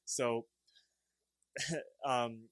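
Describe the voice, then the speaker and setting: A man's voice: medium pitch, extremely slow, dry recording. Man recapping a cartoon on a podcast, dry sound. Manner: retells scenes lively, slipping into character voices. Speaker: podcast co-host. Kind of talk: casual plot recap.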